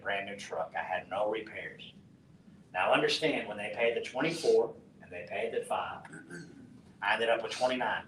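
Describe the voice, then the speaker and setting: A middle-aged man from West Texas, telling a profane, animated story to a conference audience and acting out the dialogue. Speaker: conference speaker. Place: conference hall. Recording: roomy, distant mic with faint rumble.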